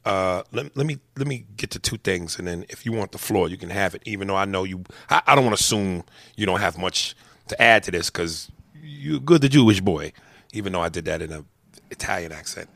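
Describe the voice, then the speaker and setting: A man telling a story as a heated, profane rant, swinging between loud outbursts and low muttered asides. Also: quick pace, dry recording, clean studio sound.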